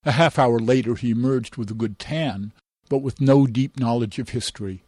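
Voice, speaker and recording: A man narrating a comic pun-filled story with a deadpan delivery. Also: mid-range voice, moderate pace, slightly rough, no echo.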